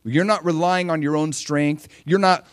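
A man's voice: fairly high pitch, normal speed, no room sound. Man preaching, dry close sound. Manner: animated preaching, acting out prayers and voices. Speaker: pastor. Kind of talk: sermon.

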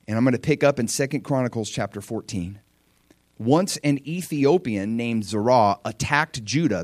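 A man preaching a sermon, lively, acting out prayers and quotes. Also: mid-range voice, no room sound, clean studio sound. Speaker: pastor.

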